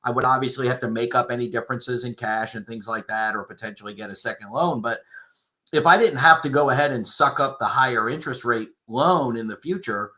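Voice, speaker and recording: Guy hosting a mortgage chat, bright clear voice, stumbles and repeats himself a lot. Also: mid-range voice, a little fast. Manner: hesitant, repeats words, asks questions. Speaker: mortgage show host. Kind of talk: casual live show discussion.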